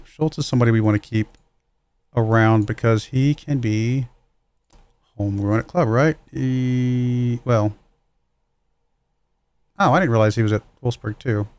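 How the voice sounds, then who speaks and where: A man's voice: mid-range voice, slow pace, pauses often, a little mellow, clear, resonant tone, no room sound. A man casually commenting while he plays a football management game on a livestream, thinking aloud and chuckling at his own slips. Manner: musing aloud, self-deprecating, chuckles at own mistakes.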